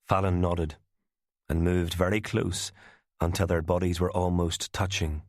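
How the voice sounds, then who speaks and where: A man narrating a thriller audiobook in a measured storytelling manner. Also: low voice, level tone, no room sound, clean studio sound.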